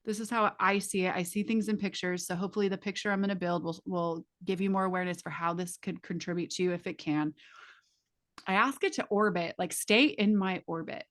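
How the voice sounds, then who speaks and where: A woman's voice: medium pitch, fairly even intonation, brisk, fairly bright tone. A woman facilitator teaching a live class in a casual, emphatic way, swearing freely and speaking straight to her students through vivid images.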